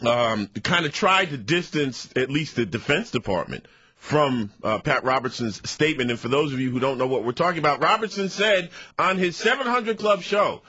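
A man co-hosting a morning radio show, teasing with quick asides. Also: a little high, animated, sharp tone, slightly rough, no echo, highs cut off. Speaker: radio co-host.

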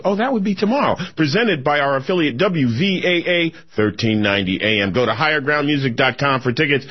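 A man hosting political talk radio, his voice sitting a bit high and coming through a dull, lo-fi broadcast. He talks in a loose, opinionated way, full of "you know" and "uh" and restarts. It sounds like a studio mic heard over the radio. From United States. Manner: conversational, opinionated, with frequent fillers. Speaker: radio talk show co-host.

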